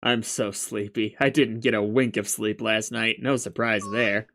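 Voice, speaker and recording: A man voicing a tired, deadpan young protagonist in a visual novel, dry and low-key. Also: a little slow, vocal fry. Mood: sleepy. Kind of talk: reading a visual novel aloud.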